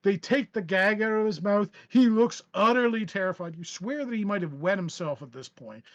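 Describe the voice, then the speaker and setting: A man's voice: high-pitched, lively intonation, moderate pace, a bit bright, dry recording, lo-fi sound. A man narrating a tabletop game as game master, theatrical and often laughing.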